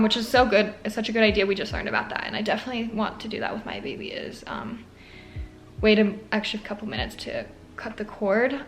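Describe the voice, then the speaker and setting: A woman's voice: mid-range voice, a bit bright, a little hiss or hum. A young woman, a nursing student, tells a story in a casual vlog, chatty and heavy on fillers, her voice cracking with emotion.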